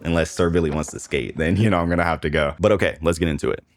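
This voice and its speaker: Deep-voiced sarcastic male reviewer. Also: fairly even intonation, very fast, faint music behind. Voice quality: sarcastic, exasperated, slangy. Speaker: movie reviewer. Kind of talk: comedic movie review voice-over.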